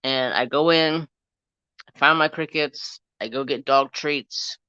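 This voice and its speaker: A man's voice: medium pitch, measured pace, bright, forceful tone, smooth, dry recording, dull audio. A man hosting a casual crafting live stream, rambling through a story and getting heated as he retells an argument.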